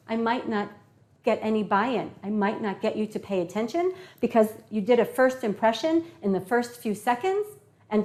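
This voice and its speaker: Woman, English teacher, animated classroom delivery, slightly higher voice. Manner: animated, demonstrates tones and acts out examples. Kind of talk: classroom lesson on public speaking.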